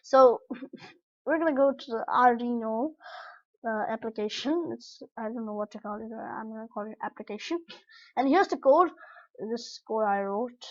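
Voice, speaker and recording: A woman's voice: a little high, normal speed, highs cut off. A young woman walking through an electronics tutorial in a casual, rambling way, often correcting herself mid-sentence. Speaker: tutorial vlogger.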